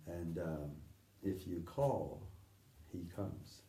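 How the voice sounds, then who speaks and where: A middle-aged man recounting memories in a halting, conversational way, often acting out the voices he quotes and sometimes dropping to a near whisper. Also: sits low, animated, dark tone, a little hiss or hum. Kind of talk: conversational anecdote telling. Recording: distant roomy recording with faint ambience.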